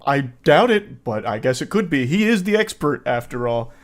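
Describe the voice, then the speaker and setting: A man's voice: mid-range voice, big pitch swings, moderate pace. A man hosting a reaction commentary, sarcastic and mocking. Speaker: commentary host.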